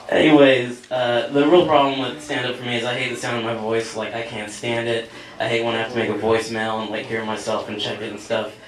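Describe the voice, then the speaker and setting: A man's voice: mid-range voice, normal speed, noisy background. A young man doing a stand-up set in a small cafe, rambling and self-mocking with lots of fillers. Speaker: stand-up comedian. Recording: echoey room, mic from far off, audience laughter. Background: audience laughing.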